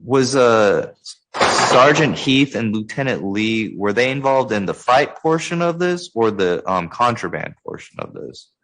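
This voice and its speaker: A man cross-examining a witness in a court hearing, measured and polite, with hesitant fillers. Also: mid-range voice, lively intonation, fairly bright tone, low-quality recording. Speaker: defense attorney.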